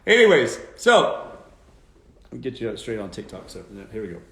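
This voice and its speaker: A man's voice: medium pitch, wildly swooping pitch, normal speed, creaky. Blunt emphatic man in an echoey room. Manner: blunt, emphatic, swears, mocking quoted voices. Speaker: host giving dating advice. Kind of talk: live-stream rant.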